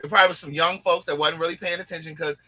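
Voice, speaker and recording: This man talks in a very bright, slightly high voice. He gossips in a casual chat, animated and quick to act out what other people said. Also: low-quality recording. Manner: animated, gossipy storytelling with quoted asides. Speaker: host.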